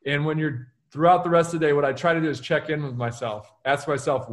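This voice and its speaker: A man, an author and keynote speaker, answering interview questions in an energetic, emphatic way, often acting out quoted dialogue. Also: on the high side, a little fast, few pauses.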